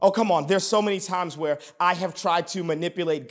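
A man in his thirties preaching a sermon in a lively, comic way, acting out little scenes with voices. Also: high-pitched, a little fast. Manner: animated, comic, acts out voices. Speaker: pastor. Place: empty building, no audience present.

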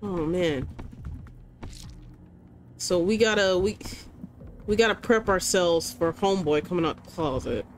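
A woman gamer doing let's-play commentary at a desk mic, excitable, yelling commands at the game and bantering in casual slang. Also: lowish voice, a little slow, long pauses, slight background noise.

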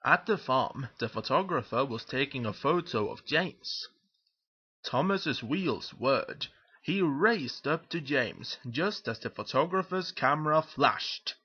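A man narrating a children's picture book aloud in a lively, expressive storytelling manner. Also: medium pitch, takes it slowly, husky, muffled recording.

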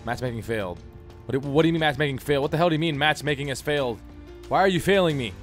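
A young gaming YouTuber gives casual gameplay commentary in a slightly high voice, talking rapid-fire. He jokes around, laughs and tries silly accents, with faint music in the background.

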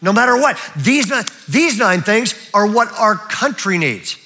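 An older man preaching a sermon as pastor, in a lively, chatty way that keeps checking in with his listeners. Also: high voice, a little slow. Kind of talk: live sermon. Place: church auditorium.

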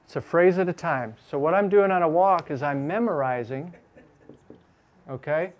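Guy teaching a bible class, kinda high voice, says verses slow phrase by phrase then talks fast. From Chicago.

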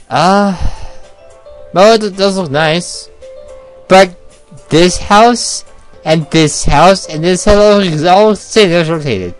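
Over faint background music, a man voices a visual novel for a let's-play video, reading both narration and characters' lines. His voice is high and slow with long pauses, and he regularly breaks away to react and joke.

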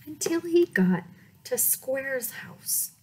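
A woman reading a picture book aloud at storytime, slow and playful, often dropping to dramatic whispers. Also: sits high, sing-song. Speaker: children's librarian reading aloud.

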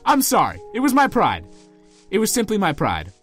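A man's voice: high voice, huge pitch swings, normal speed, fairly bright tone, soft background music. A man giving let's play commentary as a channel host, pleading, exasperated and melodramatic.

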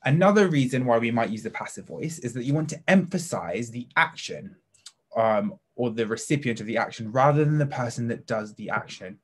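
A man's voice: mid-range voice, animated, fairly quick. A man teaching an online lesson for children, chatty and playful, with jokey asides.

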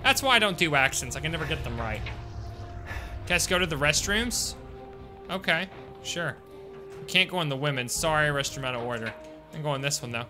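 A man's voice: fairly high pitch, a little fast, over music. A young man streaming a video game, chatting casually and joking with his viewers. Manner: chatty, jokey, talks to chat. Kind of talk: casual gameplay commentary.

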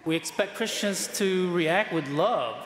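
A man's voice: high voice, measured pace, a bit bright. A man who is a priest, giving a conversational sermon with frequent fillers and light laughs. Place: large church. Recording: echoey church from a distance.

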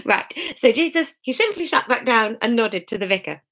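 Woman, author reading aloud, home live stream, lively storyteller, chatty asides. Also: on the high side, a little fast, few pauses. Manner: lively storyteller, laughs at her own slips. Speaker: author reading her own book.

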